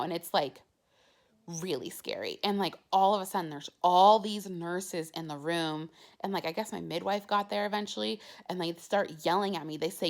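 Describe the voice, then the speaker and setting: A young woman vlogging about her own experience, chatty and casual, with "like" dropped into nearly every phrase. Her voice sits on the lower side for a woman. It has a steady gravelly fry running through it. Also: normal speed. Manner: chatty, heavy use of "like" fillers. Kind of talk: casual personal storytelling.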